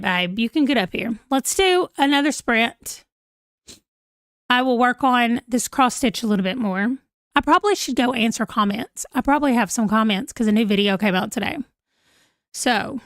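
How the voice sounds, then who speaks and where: A woman's voice: a little high, fairly bright tone, dry recording, clean studio sound. A woman, chatting casually on a livestream at home, giggling as she reacts to viewer comments. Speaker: livestream host. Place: home room, holding a pet.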